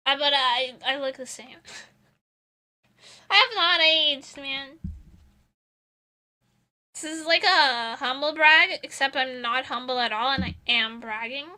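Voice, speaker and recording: High bright-voiced streamer woman, slow chat. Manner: chatty, self-mocking, swears freely. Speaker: vtuber streamer.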